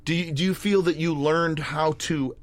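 A man's voice: fairly high pitch, moderate pace, no echo. A man hosting an interview podcast, chatting casually and often backing the guest up with short replies. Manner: conversational, supportive, with frequent brief backchannels. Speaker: podcast host, voice actor.

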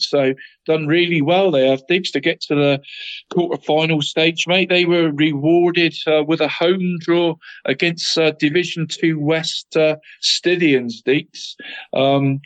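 A man's voice: fairly high pitch, dry recording, rough recording. A man co-hosting a football podcast in casual chat, who keeps adding "mate" and often stumbles over his words.

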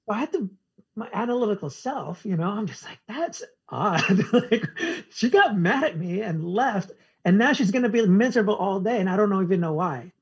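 Husky man telling a story. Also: high-pitched, animated, fairly quick, dull audio. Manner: acts out conversations in quoted dialogue. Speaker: podcast guest. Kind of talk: casual storytelling interview.

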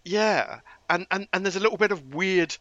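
A man co-hosting a casual podcast chat, animated and often stumbling over repeated words. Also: high voice, normal speed, no echo, lo-fi sound. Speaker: podcast co-host.

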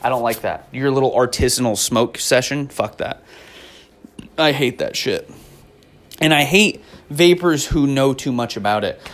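A man's voice: mid-range voice, a little slow, fairly bright tone. A man in his twenties delivering a profane, rambling stand-up rant in an exasperated tone. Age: 20s. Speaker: comedian.

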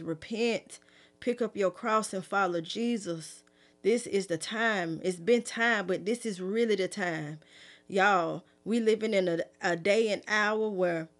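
Middle-aged woman preacher, easygoing and conversational. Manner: fervent, pleading, raised pitch at first; relaxed conversational afterword. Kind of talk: prophetic sermon, then casual talk.

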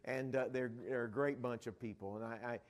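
With a mid-range voice, a steady tone and a moderate pace, a middle-aged man from the Dallas area, Texas, preaches a sermon. He recounts Bible scenes and performs the disciples' voices.

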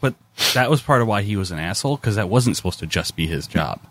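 A man with a fairly low voice co-hosts a casual movie podcast. He chimes in with dry, deadpan wisecracks and short remarks. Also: fast.

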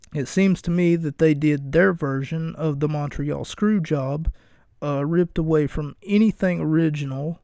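A man hosting a solo podcast, talking slowly with a gravelly, creaky edge to his voice. His tone is mellow and a little higher than most men's. He rambles wryly, jokes at his own expense and swears freely, with a dry sound close to the mic. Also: dry recording. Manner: wry, rambling, self-mocking and profane. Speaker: podcast host. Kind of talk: casual solo podcast recap and banter.

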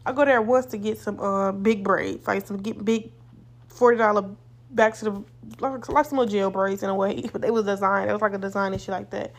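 A woman's voice: mid-range voice, fairly even intonation, a little fast. A young woman hosting a podcast, telling a casual storytime monologue in a blunt, profane, rambling way. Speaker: podcast host.

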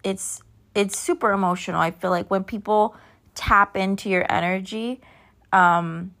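Sleepy, slow-talking woman podcaster. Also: mid-range voice, steady tone, gravelly, a bit bright. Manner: rambling, chatty, drifts off track. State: sleepy, yawning. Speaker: podcast host. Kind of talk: casual solo chat.

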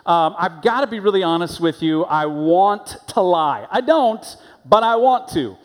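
Male pastor, conversational sermon, slightly high voice, church reverb. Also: measured pace. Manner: conversational storytelling with animated quoted voices. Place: church sanctuary.

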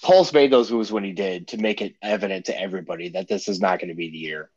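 A man's voice: low-pitched, fast, darkish tone, breathy edge, no echo. A man co-hosting a casual sports podcast, making wry joking asides. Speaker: podcast co-host. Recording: dull lo-fi sound.

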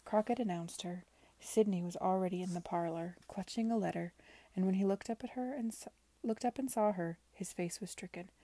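Soft-spoken woman reading a novel aloud. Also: mid-range voice, brisk, no echo. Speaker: reader.

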